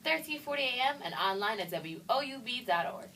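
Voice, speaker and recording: A woman's voice: on the high side, expressive, brisk, gravelly, bright, forceful tone. Young woman, college radio co-host, casual emphatic chat, a bit far from the mic, faint hiss. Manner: chatty, emphatic, laughs often. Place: radio studio.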